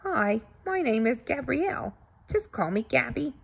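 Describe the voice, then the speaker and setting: A woman's voice: a little high, animated, measured pace, creaky, slight background noise. A woman voicing a talkative, honest female goose in a pink sunbonnet in a children's story, chatty and prim.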